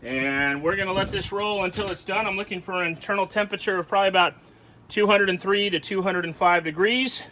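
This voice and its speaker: A man's voice: sits high, brisk, sharp tone, slight background noise. A man hosting a casual cooking video, chatting through each step for the viewer. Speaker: cooking show host. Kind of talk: casual how-to cooking narration.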